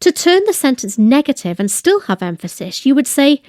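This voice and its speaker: A woman giving a slow, deliberate grammar lesson, reading example phrases and translating them. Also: high-pitched, sing-song, a little mellow, no room sound, clean studio sound. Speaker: language teacher.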